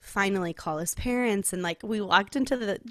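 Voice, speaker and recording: A young woman from California, co-hosting a podcast and telling a personal story in casual, heartfelt chat, full of "like" and quick laughs. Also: mid-range voice, no room sound, clean studio sound. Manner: chatty storytelling, heavy use of "like", laughs often. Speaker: podcast co-host.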